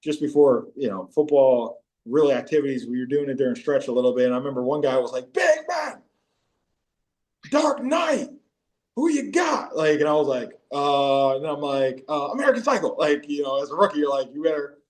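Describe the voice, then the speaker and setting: A man's voice: a little fast, hardly any pauses. Man telling locker-room stories. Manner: animated anecdotes, jumps into high-pitched impressions of teammates. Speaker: podcast guest, former pro football player. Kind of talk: casual storytelling interview.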